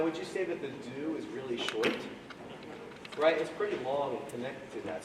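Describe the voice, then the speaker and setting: A man coaching a school jazz band, explaining breathing and swing eighth notes and singing the rhythms aloud. He is picked up from well away from the mic in an echoey room. Steady background noise sits under his voice. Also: medium pitch, recorded from a distance. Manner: sings swing syllables and counts off the band. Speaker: jazz clinician.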